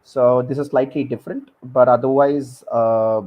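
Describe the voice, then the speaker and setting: A man, speaking as a guest expert on a panel, halting and repeating words with many fillers. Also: medium pitch, fairly even intonation, highs cut off. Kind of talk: panel discussion.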